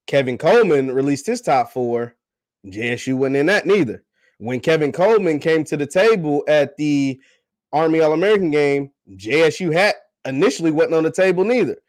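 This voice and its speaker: A man hosts a casual livestream chat, reading viewer comments in a slangy, teasing way that swings between loud and quiet. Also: medium pitch, no room sound.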